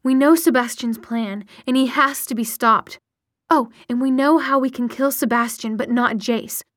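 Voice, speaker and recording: A woman's voice: fairly high pitch, moderate pace, fairly bright tone, dry recording, studio quality, natural voice. Woman voicing a determined young daughter. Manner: blunt, determined.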